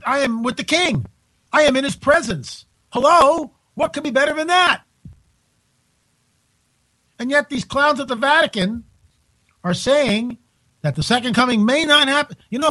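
A man's voice: very high voice, pushed and bright, dry recording, rough recording. Radio host guy, keeps going "can you believe this", dry close sound. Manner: incredulous, exclaiming, rapid asides. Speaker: radio talk show host. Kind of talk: call-in radio commentary. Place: home.

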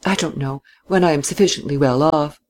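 A reader voicing a reserved, ironic young man who answers quietly and briefly in a storybook reading. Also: medium pitch, fairly quick, close to an everyday voice. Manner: quiet, terse.

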